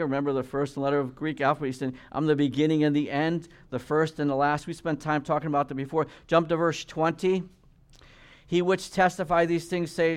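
A man with a slightly raised pitch teaching through a Bible passage from the pulpit. He reads the verses slowly and with weight, then slips into casual explanation. His voice often sinks low and soft as he closes a thought. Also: clean tone. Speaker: pastor.

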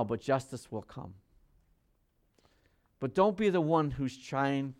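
A man preaching a sermon, reading scripture aloud with loud, emphatic rises and dropping to quiet, low asides as he explains it. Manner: reads King James scripture aloud, then explains conversationally. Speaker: pastor.

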